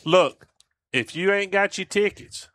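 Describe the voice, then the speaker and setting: A man doing folksy, excited color commentary on a football radio broadcast, often repeating words. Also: high-pitched, a little slow, no room sound. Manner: hyped, folksy, repeats himself. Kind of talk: lively radio banter.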